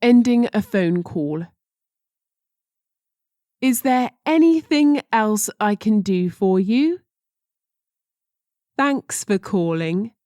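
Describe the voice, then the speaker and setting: Woman teacher reading phrases super slow, mellow dark voice, dry sound. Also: medium pitch, animated, dry recording. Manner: slow and deliberate, careful pronunciation. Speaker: language teacher.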